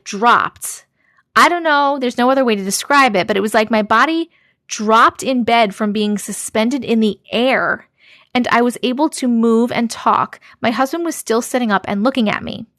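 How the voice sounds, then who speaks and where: Woman host, higher voice, dry close sound, reads spooky stories to her chat with big reactions. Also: no room sound. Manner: expressive, reacts with gasps and laughs between reading. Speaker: live stream host reading viewer stories. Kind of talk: casual live stream chat and story reading.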